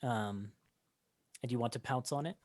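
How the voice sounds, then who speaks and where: A game master narrating a tabletop game, talking haltingly with many fillers and restarts. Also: mid-range voice, dry recording.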